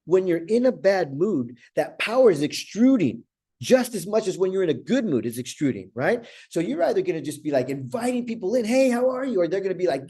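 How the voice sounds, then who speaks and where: An earnest middle-aged man talks through a motivational coaching session, stumbling over and repeating words and asking "right?" as he goes. His voice sits a little high for a man, with a warm, mellow tone. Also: breathy edge. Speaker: life coach.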